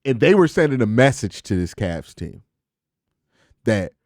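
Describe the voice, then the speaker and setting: A man giving an excited, slangy reaction to a basketball game, with animated emphasis and sound effects. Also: medium pitch, a little slow, no room sound, clean studio sound. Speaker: sports commentator vlogger. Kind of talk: excited casual sports reaction.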